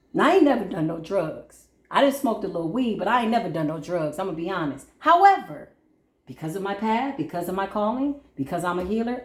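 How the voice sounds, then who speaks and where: A woman's voice: medium pitch, reverberant. A woman giving a casual spiritual pep talk during a card reading, speaking emphatically and colloquially and calling listeners baby and boo. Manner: swings between preachy intensity and quiet asides. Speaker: spiritual reader.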